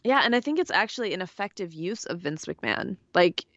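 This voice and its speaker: A woman's voice: on the low side, animated, brisk, a bit bright, dry recording, lo-fi sound. A woman co-hosting a podcast, chatting in a rambling way with lots of fillers. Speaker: podcast co-host. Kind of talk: casual wrestling podcast chat.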